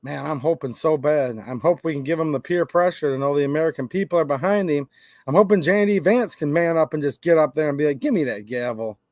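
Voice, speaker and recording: A man hosts a casual livestream and rants brashly to his chat. His voice sits fairly high, and the recording is dry and close. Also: fast, darkish tone, no room sound. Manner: brash, ranting. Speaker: host.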